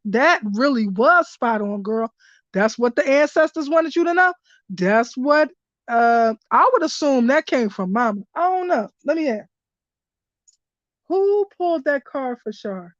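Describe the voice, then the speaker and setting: A woman hosting a live card-reading stream, calling listeners honey and baby, bursting into loud exclamations and then reading slowly and softly. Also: high voice, no echo. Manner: animated, exclaims loudly then reads slowly in a hushed voice. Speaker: spiritual reader hosting a livestream. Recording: dull lo-fi livestream audio.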